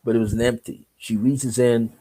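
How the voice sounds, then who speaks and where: A man's voice: mid-range voice, level tone, normal speed, mellow, husky. A man telling a personal story as an interview guest, acting out the dialogue and laughing often.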